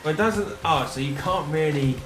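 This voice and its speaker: A man's voice: a little high, normal speed. A man hosting a gaming channel who gives casual gameplay commentary, chatting, joking and reacting aloud to the game. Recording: echoey room with game music.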